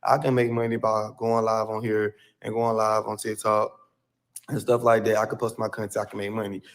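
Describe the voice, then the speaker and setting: A man's voice: fairly low pitch, flat delivery, normal speed. A man rambling through a personal story on a livestream, slangy and repetitive, played back as a clip. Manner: rambling, slangy, repeats himself.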